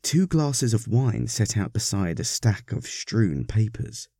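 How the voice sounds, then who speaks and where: A man reading a story aloud, narrating in an expressive, wry manner. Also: fairly low pitch, slow pace, gravelly, no echo, studio quality.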